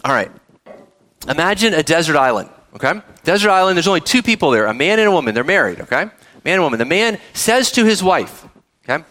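Animated high-voiced male preacher. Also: fairly quick. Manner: animated preaching, asks the audience questions, addresses kids. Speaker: pastor. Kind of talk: sermon.

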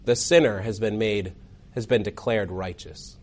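A man preaching a sermon, telling a courtroom story dramatically, swinging between loud and hushed. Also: on the low side, measured pace.

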